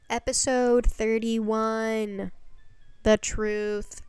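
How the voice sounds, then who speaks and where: Woman host, casual recap, sarcastic and exasperated, smooth clear voice, dry close mic. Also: on the high side, level tone, extremely slow, no room sound, faint music behind. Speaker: video essay host.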